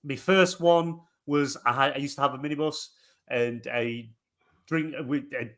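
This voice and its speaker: Male panelist, middle voice, animated yarn-spinner who acts out every quote. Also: medium pitch, normal speed. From England. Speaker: podcast panelist. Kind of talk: casual chat.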